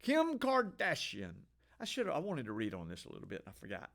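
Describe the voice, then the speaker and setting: Offhand and opinionated, the host of a daily headlines show reads the news as casual commentary, frequently starting over. His lowish, gravelly voice swings hugely in pitch and comes out rapid-fire.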